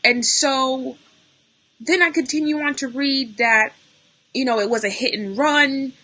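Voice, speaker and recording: A young woman talks to her viewers live, unscripted and close to tears. Her voice sits a little high and sounds bright and forward, and it is getting worn and hoarse. She breaks off now and then to greet the people watching. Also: a little slow, rough recording. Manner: tearful, talking through grief, greets viewers mid-sentence. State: losing her voice, near tears. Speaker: livestream host. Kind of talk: unscripted emotional live talk.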